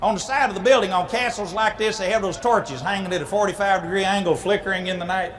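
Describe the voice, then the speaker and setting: A man telling a comic story to a live audience in a folksy, animated way, with sound effects. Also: sits high, quick pace, long reverb tail, a little hiss or hum.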